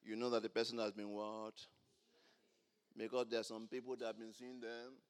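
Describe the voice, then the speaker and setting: A man preaching a sermon, asking the congregation to finish his lines and swinging between quiet explanation and loud exclamations. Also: fairly low pitch, flat delivery, moderate pace, smooth. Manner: call-and-response preaching, rising to loud exclamations. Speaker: pastor.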